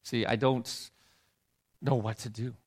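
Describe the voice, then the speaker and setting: A middle-aged man telling a heartfelt personal story in a sermon, his voice dropping low and soft when he is moved. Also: level tone, slow pace, husky. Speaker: preacher. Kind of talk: sermon testimony.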